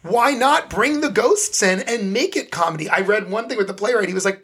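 A man's voice: high voice, expressive, fairly quick, few pauses, bright, forceful tone, breathy edge. A man co-hosting a podcast, chatting enthusiastically and thoughtfully about a play, with frequent restarts. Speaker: podcast co-host. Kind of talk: casual theater review chat.

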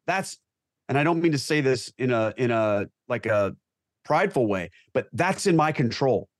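A man's voice: mid-range voice, lively intonation, moderate pace, no echo, clean studio sound. A man, a guest on a talk show, speaking earnestly and emphatically about his faith. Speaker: guest, Catholic convert.

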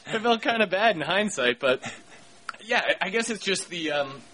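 A podcast host, a man from Pennsylvania, tells stories in casual chat with a bright, forceful edge to his voice. He speaks a little higher than most men and laughs often as he goes. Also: normal speed. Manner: animated storyteller, laughs often.

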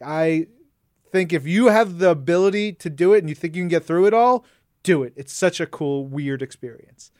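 A man's voice: moderate pace, a little mellow, dry recording, studio quality. Playful male podcast co-host. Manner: playful, with big pitch jumps. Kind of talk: casual chat, reading listener comments.

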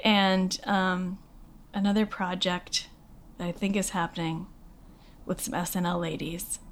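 A woman's voice: fairly low pitch, little pitch movement, a little slow, a little hiss or hum. Rambling, self-deprecating woman guest. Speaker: guest actress and comedian. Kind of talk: casual interview chat.

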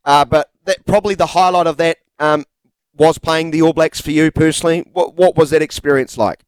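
A man's voice: fairly high pitch, steady tone, brisk, smooth, dry recording, rough recording. A man hosting a sports podcast, chatty and friendly, often hedging as he asks his questions. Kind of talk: casual interview.

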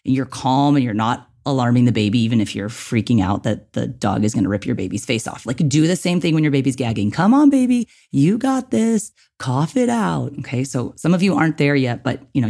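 A man with a medium-pitched, somewhat dark voice hosts an instructional podcast, speaking straight to listeners like a coach and frequently checking in with "okay" and "right."

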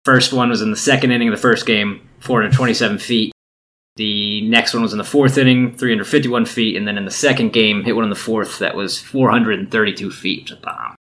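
Bright-voiced man, casual sports podcast host. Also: on the low side, fairly even intonation, fairly quick. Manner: laid-back, rambling with fillers.

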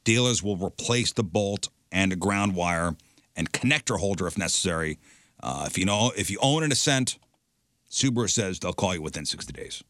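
Lively man reading news on a talk show. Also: low-pitched, moderate pace, no echo, studio quality. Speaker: radio show co-host reading news items. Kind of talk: casual radio talk show banter.

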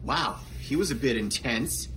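A man's voice: mid-range voice, animated, unhurried, fairly bright tone. An actor playing a laid-back young man who talks in a casual, joking, slangy way, as audio drama acting.

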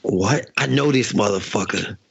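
A man's voice: fairly low pitch, normal speed, gravelly, fairly bright tone, husky, dull audio. A man co-hosting a podcast, joking through crude banter in casual chat about a TV show. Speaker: podcast co-host.

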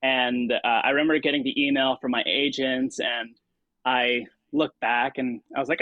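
A man's voice: medium pitch, moderate pace, no room sound, poor audio. Hesitant man telling stories, dry sound. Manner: hesitant, lots of fillers and restarts, animated when quoting himself. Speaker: interview guest, stage and television performer. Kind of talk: relaxed conversational storytelling.

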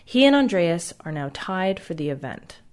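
A woman's voice: lowish voice, sing-song, moderate pace, a little mellow, clean tone. A woman host gives scripted narration of the story. She delivers it with a dry, wry touch of understatement.

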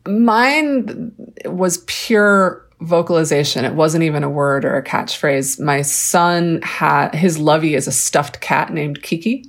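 A woman co-hosting a parenting podcast, telling stories in an animated, laughing way. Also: low-pitched, slow. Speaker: podcast co-host. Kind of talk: casual parenting chat.

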